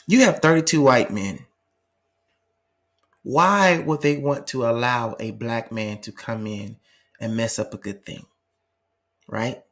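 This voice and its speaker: A man hosting a live commentary stream, arguing with passion and firing off rhetorical questions. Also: mid-range voice. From United States. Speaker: channel host.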